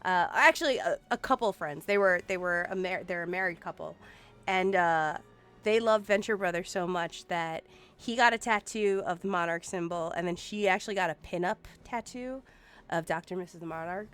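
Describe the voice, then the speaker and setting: A woman's voice: lowish voice, moderate pace, clean tone, soft background music. A woman streaming a game, chatting casually and playfully, humming and singing little snippets as she plays. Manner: animated and playful, hums and sings snippets. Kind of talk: casual live-stream chat while gaming.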